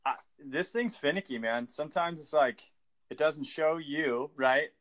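A man's voice: on the high side, measured pace, a bit bright. An American man hosting a podcast, chatting in a laid-back, rambling way and laughing easily. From United States. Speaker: podcast host. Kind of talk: casual chat.

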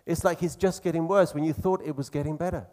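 A man preaching a sermon in an earnest, conversational way, slowing down to stress key phrases. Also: fairly high pitch, fairly even intonation, darkish tone.

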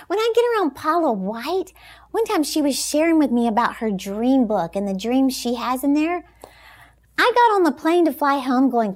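A woman speaking as a Christian motivational speaker, delivering an inspirational talk in an emphatic, animated way and laughing often. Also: high voice, normal speed.

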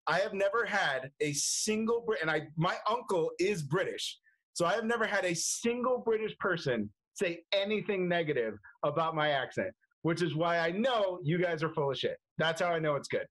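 A man's voice: sits high, expressive, normal speed, a bit bright, poor audio. A young man, a movie reviewer chatting casually as a guest, laughing often and restarting his sentences. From United States. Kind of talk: casual interview chat.

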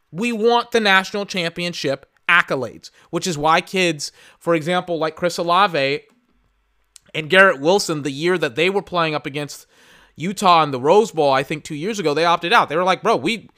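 A man's voice: sits high, bright, forceful tone, smooth. A young man from Texas, ranting casually about football as a podcast host. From Austin, Texas. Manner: opinionated, ranting, profane. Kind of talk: casual sports commentary.

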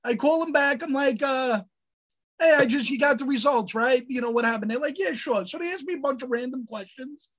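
A high-pitched man tells a story in casual podcast chat. He swears often and shouts quotes in mock outrage. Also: fairly quick, rough recording. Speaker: podcast co-host.

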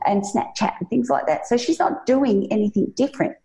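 Mellow woman in an echoey room. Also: on the high side, brisk, vocal fry. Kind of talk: casual podcast chat.

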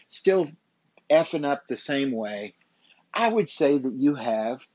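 A man's voice: mid-range voice, darkish tone, breathy edge, no room sound. Blunt, profane man on a dull recording. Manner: emphatic, blunt, profane, repetitive. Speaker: podcast host. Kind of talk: motivational podcast monologue.

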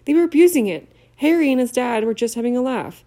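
A woman reading an audiobook, voicing a blunt, excitable teenage boy wizard. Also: high voice, fast, creaky, pitched above the performer's own voice, full character voice. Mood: indignant. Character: indignant teenage boy wizard, loyal friend.

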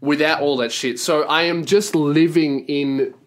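A man's voice: on the high side, steady tone, measured pace. A man with an Australian accent hosting a solo podcast, ranting profanely and exasperated, recorded in a small cramped home studio. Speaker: podcast host.

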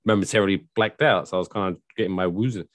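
A man's voice: deep voice, fast, dry recording, studio quality. A man hosting a podcast in casual chat, rambling and sarcastic as he tells news stories, swearing freely.

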